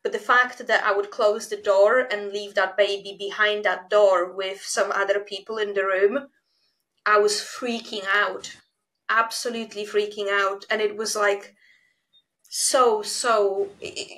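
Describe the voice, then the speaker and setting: Brief: female host, bright and sharp timbre, candid and halting. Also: mid-range voice, fairly even intonation, rough recording. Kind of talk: casual chat.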